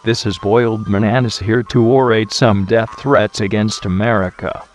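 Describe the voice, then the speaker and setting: A man's voice: lowish voice, fairly even intonation, moderate pace, faint music behind, close to an everyday voice. A man voicing a bumbling, giggly male terrorist leader parody in a silly put-on voice. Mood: pompous. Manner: silly put-on voice, keeps breaking into laughter.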